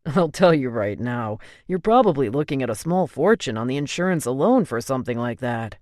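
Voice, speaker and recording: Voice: medium pitch, animated, a little fast, a little mellow, no room sound, studio quality, natural voice. A narrator voicing a meticulous adult man who owns a restaurant, speaking in a clipped, terse way. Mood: curt.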